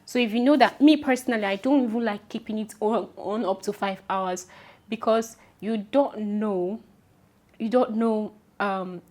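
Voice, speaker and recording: A young woman with a Nigerian accent talks straight to her viewers in a chatty vlog. She repeats her instructions with firm emphasis, and her voice sits at a middle pitch. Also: a little slow, a little mellow. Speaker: vlogger. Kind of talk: casual advice talk to camera.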